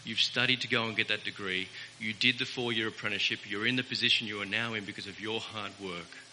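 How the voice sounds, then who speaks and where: A man's voice: on the low side, steady tone, fast talker, pushed and bright. A man preaching a sermon as pastor, earnest and emphatic, repeating key words for weight. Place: church. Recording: reverberant church hall with faint hiss.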